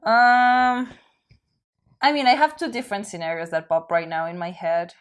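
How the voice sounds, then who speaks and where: A woman's voice: medium pitch, little pitch movement, normal speed, clear, resonant tone. A woman hosting a casual podcast chat, thinking aloud hesitantly with many fillers and restarts.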